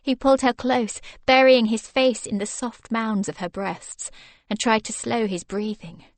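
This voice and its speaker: A woman's voice: a little high, steady tone, measured pace, dry recording. Woman reading a romance audiobook. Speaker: audiobook narrator. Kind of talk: scripted narration.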